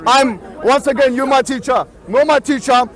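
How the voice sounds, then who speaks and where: A man with a very high voice holds forth in a heated outdoor street debate. He is insistent and keeps repeating himself to keep control. A crowd murmurs steadily behind him in the open air. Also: normal speed, a bit bright. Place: outdoor public speaking corner in a city park.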